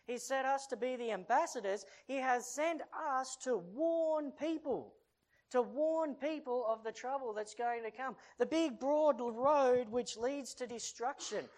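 A preacher in mid-sermon with a middling pitch, switching between reading scripture verses aloud and casual explanation. Questions are thrown at the congregation, and the delivery climbs to loud, urgent pleading. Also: low-quality recording. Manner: reads King James verses aloud, then explains them in chatty asides; asks the congregation frequent questions.

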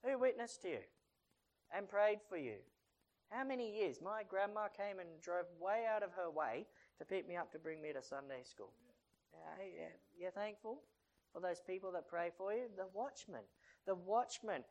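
Preacher pleading loudly in a sermon. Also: mid-range voice, animated, normal speed, poor audio. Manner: reads King James verses aloud, then explains them in chatty asides; builds to loud, urgent pleading.

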